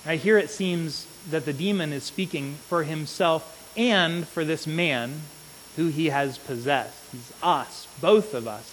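Earnest preacher in an echoing hall. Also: male voice, on the high side, lively intonation, a little slow. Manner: earnest, repeats "right?" to the congregation. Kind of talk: sermon. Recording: long reverb with faint hiss.

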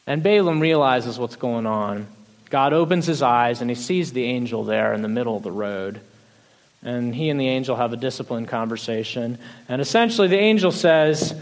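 A man preaching a sermon, retelling a Bible story in a lively, conversational way, often restarting phrases and letting sentences trail off softly. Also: mid-range voice, moderate pace. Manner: animated storytelling, frequent restarts, soft trailing endings. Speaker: pastor.

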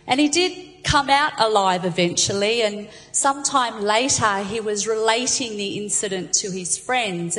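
A woman delivering a sermon, telling stories with lively voices for the characters. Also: mid-range voice, long reverb tail, poor audio. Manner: animated storyteller, voices the jokes' characters. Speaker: preacher.

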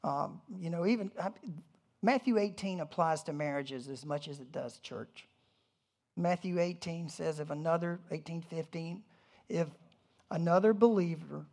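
A pastor giving a conversational sermon, animated, with humorous asides and frequent restarts. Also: medium pitch, creaky.

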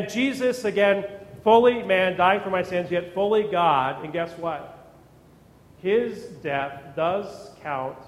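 A man preaching a sermon as pastor, with emphatic rises and words repeated as he builds up. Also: high-pitched. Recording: echoey hall with long reverb.

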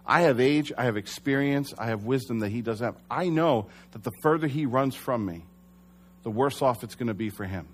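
A man's voice: mid-range voice, expressive, moderate pace, slight background noise. A young adult man preaching a sermon as pastor, earnest and conversational, sometimes correcting himself.

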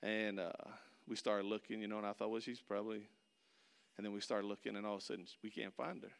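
A middle-aged man preaching a sermon, telling a personal story and swinging between loud excitement and hushed, soft passages. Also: lowish voice, quick pace, gravelly, smooth. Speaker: pastor. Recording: long hall reverb.

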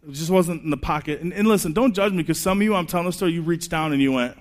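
A man in his thirties preaching a sermon in a conversational way, telling personal stories with quick asides. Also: on the high side. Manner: animated, chatty storytelling with quick asides. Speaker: pastor.

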